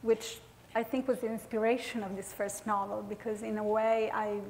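A woman from Italy with an Italian accent, a native Italian speaker, reading her own fiction aloud at a public event in a measured, expressive way. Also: medium pitch, slight background noise. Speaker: author.

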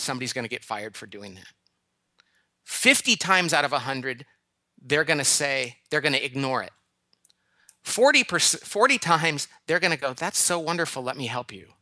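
A man giving a caller advice in an animated, emphatic way, telling stories and acting out other people's lines. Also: on the high side, dry recording. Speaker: guest advice-giver, management consultant. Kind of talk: radio call-in advice.

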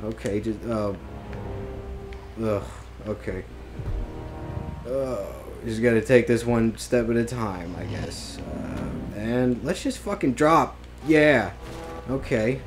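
A gamer giving live gameplay commentary, excitable, swearing often and breaking into yelps and laughs. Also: medium pitch, slow pace, pauses often. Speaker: let's play gamer. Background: game music.

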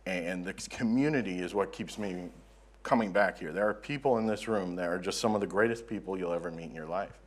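A man from the southern United States giving a relaxed, self-deprecating conference presentation in a conference room. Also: low voice, a little fast, husky. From Southern United States (Florida). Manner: conversational, self-deprecating, joking. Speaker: conference speaker.

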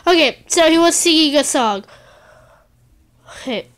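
A woman's voice: high voice, big pitch swings, moderate pace, fairly bright tone. A woman performing a playful improvised plush toy skit, sing-song and switching between silly character voices. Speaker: plush toy video maker.

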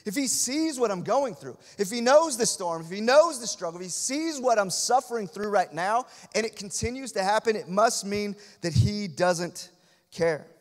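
A man preaching a sermon as pastor, swinging from hushed, quiet lines to loud emphatic repetition. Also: high-pitched, animated, moderate pace, big-room sound. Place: church sanctuary.

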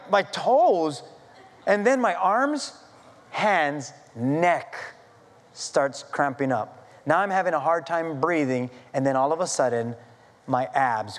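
Man pastor, high-pitched voice; animated, self-mocking sermon in a reverberant sanctuary. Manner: animated storytelling with self-deprecating humor. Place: church sanctuary.

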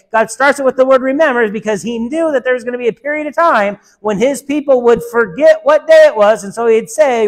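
A woman preacher delivering a sermon emphatically, asking her listeners rhetorical questions and calling for an amen. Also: a little high.

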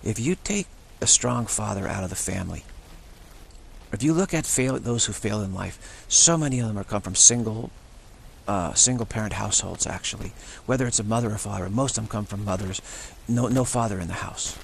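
A man's voice: lowish voice, a little fast, creaky, a little hiss or hum. A man talking in an unscripted, rambling monologue, often restarting and repeating words. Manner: acts out short quoted voices of others. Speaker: spiritual channel host.

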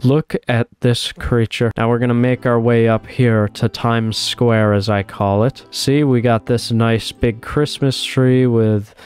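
Man, from Buffalo, casual game commentary, excitable, mid-pitched voice, light swearing. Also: a little slow, hardly any pauses, clear, resonant tone, faint music behind. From Buffalo, New York, USA. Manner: excitable, swearing, cooing at animals on screen. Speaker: gaming YouTuber.

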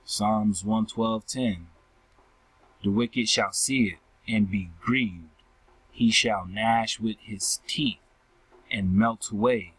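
A man's voice: on the low side, fairly bright tone, breathy edge, no echo, rough recording. A man reading and explaining scripture verses, checking in with his listeners by asking "right?" after nearly every phrase. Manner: ends almost every phrase with a questioning "right?"; slow, repetitive, addresses listeners as family. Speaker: scripture teacher.

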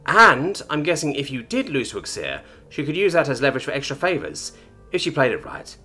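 A man narrating a sci-fi story from a script, with a lively, varied delivery and light character voices. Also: mid-range voice, a little fast, faint music behind.

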